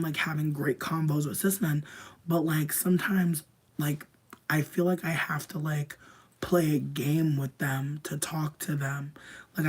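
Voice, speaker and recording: A young adult streamer with a sick voice, rambling casually to chat with heavy "like" filler, swearing freely and often dropping into a breathy half-whisper. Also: mid-range voice, darkish tone. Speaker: livestreamer answering chat.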